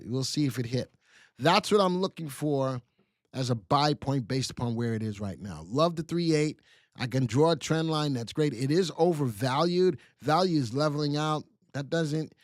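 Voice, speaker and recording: Middle-aged guy doing live stock picks, kinda high voice, dry close sound, pumped up and chatty w the viewers. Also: no room sound. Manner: energetic, talks straight to viewers, coaching and teasing. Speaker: stock market strategist hosting a live show. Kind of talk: live stock analysis stream.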